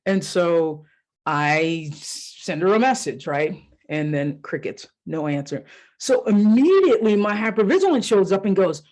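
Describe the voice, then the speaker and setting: Animated woman coach telling stories. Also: mid-range voice, a little slow. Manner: animated storyteller who acts out her own inner voices; casual and candid, with mild swearing. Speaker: life coach and podcast host. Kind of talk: solo podcast monologue.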